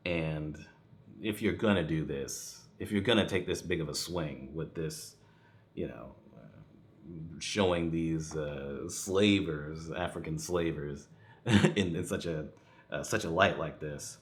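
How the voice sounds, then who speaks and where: A man's voice: rumbling low, slow. A man giving a casual spoken movie review, rambling with many restarts and fillers and chuckling now and then.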